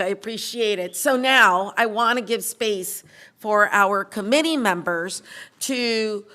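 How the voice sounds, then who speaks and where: A woman chairing a school board committee meeting, speaking in a measured way with frequent pauses and fillers. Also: mid-range voice. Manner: warm, measured, halting with fillers. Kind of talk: public meeting remarks.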